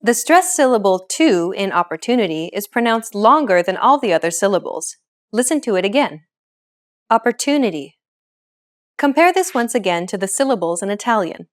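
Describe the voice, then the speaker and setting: A woman hosting a language lesson, explaining pronunciation in clear, encouraging scripted narration. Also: mid-range voice, sing-song, a little fast.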